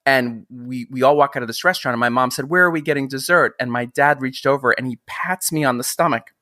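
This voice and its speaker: Bright-voiced man telling stories in a dry room. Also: medium pitch, fast talker, dry recording. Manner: animated, rambling storyteller with restarts. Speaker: podcast interviewer. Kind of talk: casual conversational interview.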